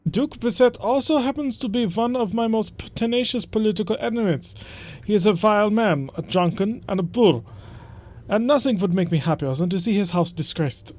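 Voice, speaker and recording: A man's voice: high-pitched, normal speed, a little mellow, voice pushed up, lightly acted. A man voicing a scheming, smug aristocratic count in a put-on German accent, haughty and theatrical. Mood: scheming, gloating.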